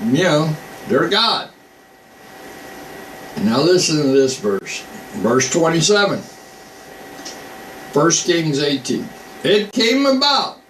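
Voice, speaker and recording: A man preaching in a relaxed, unhurried way, moving between scripture readings and casual asides. His voice sits a bit high and comes from some distance off the mic. The room is echoey, with a faint air-conditioning hum underneath. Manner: folksy, slow, reads scripture then comments. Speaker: preacher on a live online broadcast. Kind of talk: informal Bible teaching.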